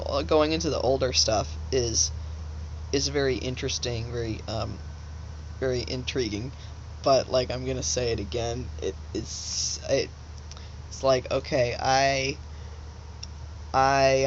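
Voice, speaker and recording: Halting, rambling male vlogger. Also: medium pitch, fairly bright tone. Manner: halting, many fillers and restarts, laughs often. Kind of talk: rambling casual monologue. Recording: slightly dull home recording with faint hiss.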